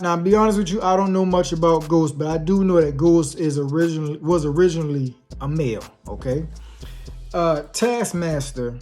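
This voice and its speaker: A man's voice: a little high, darkish tone. A man giving a casual, opinionated movie review in a slangy, conversational way, full of rhetorical asides.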